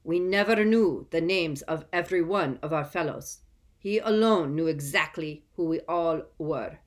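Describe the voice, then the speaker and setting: A woman's voice: low-pitched, unhurried. A woman voicing a frightened, unctuous middle-aged male prisoner pleading before a council in a storybook reading.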